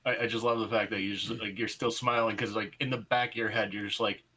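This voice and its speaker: Bright-voiced dry, sarcastic male host. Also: fairly low pitch, little pitch movement, fast, poor audio. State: tired, off caffeine. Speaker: podcast host. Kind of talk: casual chat.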